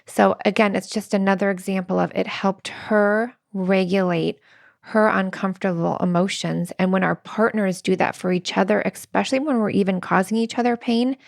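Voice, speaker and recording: A woman's voice: mid-range voice, steady tone, normal speed, creaky, no room sound, clean studio sound. A woman co-hosting a relationship podcast, telling earnest personal stories with quoted dialogue. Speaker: podcast co-host. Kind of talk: relationship advice conversation.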